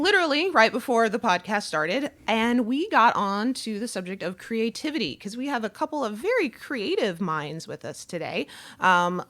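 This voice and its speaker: Lively, chatty woman hosting a podcast. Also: on the low side. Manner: chatty, laughs often, lively delivery. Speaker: podcast host. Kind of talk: casual chat.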